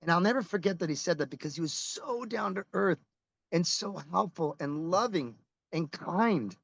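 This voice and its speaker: A man's voice: sits high, lively intonation, normal speed, gravelly, no echo, low-quality recording. A middle-aged man, a rock musician, telling stories in a casual interview, rambling and restarting as he goes and swearing casually.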